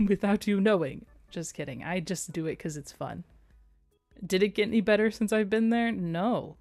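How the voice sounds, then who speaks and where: A woman's voice: mid-range voice, moderate pace, gravelly, a little mellow, no echo, soft background music. A young adult woman streaming, chatting casually and playfully, with frequent giggles and rambling asides. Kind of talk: casual livestream chat.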